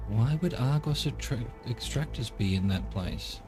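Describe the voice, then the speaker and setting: Game music plays behind a gaming streamer, a man with an animated, darkish mid-range voice who speaks at a measured pace with hardly any pauses. His let's play commentary is wry and sarcastic, and he talks back to the characters.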